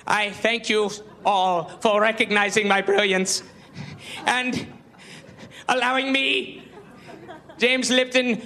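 A man impersonating a pompous, self-adoring male TV interviewer, slow, theatrical and over-emotive, on a live stand-up stage. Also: very high-pitched, voice pushed up, full character voice. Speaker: stand-up comedian. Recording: live club, loud crowd and noise.

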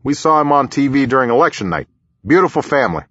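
A man's voice: mid-range voice, sing-song, fairly bright tone, dry recording, dull audio, voice pushed up. A man doing a folksy, chummy president. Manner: chummy, back-slapping, quick asides. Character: folksy, brisk older male president, friendly.

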